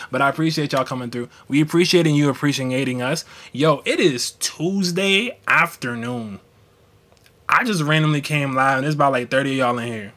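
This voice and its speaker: A young man talks to his livestream viewers in a blunt, slangy way, cursing freely. His voice sits a bit high for a man. He switches into mocking voices when he quotes people. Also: fairly quick, a bit bright. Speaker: astrology livestream host. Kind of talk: casual livestream talk.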